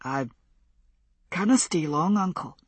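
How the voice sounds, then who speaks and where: A woman voicing a resolute young Scottish man who speaks softly, with a Scottish accent. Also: on the low side, expressive, slow pace, slightly rough, no room sound, exaggerated voice. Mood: quiet resolve. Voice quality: soft-spoken.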